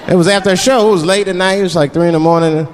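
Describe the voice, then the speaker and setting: A man from Washington, D.C. performing a stand-up routine, telling stories in an animated way and slipping into put-on voices, recorded on a large theater stage before a live crowd. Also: high voice, rapid-fire, long reverb tail. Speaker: stand-up comedian.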